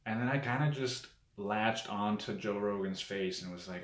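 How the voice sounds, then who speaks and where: Deep-voiced man telling a story in an echoey room. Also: moderate pace, hardly any pauses. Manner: candid, swears often, with nervous laughs. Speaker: vlogger telling a personal story. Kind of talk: casual storytelling monologue.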